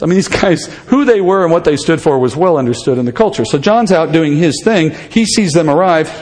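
A man's voice: on the high side, darkish tone, big-room sound. A man preaching an expository sermon, speaking conversationally and putting questions to his listeners. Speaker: pastor.

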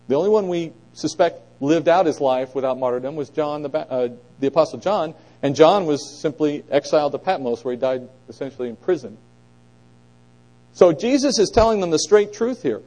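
A middle-aged man teaching a conversational Bible lesson, asking his listeners questions and pressing points with animated emphasis. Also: fairly high pitch, normal speed, poor audio.

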